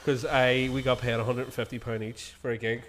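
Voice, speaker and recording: A man's voice: mid-range voice, level tone, fairly quick, fairly bright tone, a little hiss or hum. Sweary man telling stories. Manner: sweary, laughing storyteller. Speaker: podcast host. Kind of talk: casual chat.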